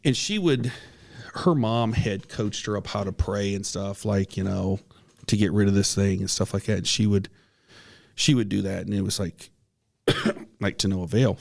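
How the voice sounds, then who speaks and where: A man's voice: lowish voice, moderate pace, gravelly. A man co-hosting a podcast, telling a personal ghost story in a casual, earnest way, with many restarts and the odd cough. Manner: coughs now and then. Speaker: podcast co-host.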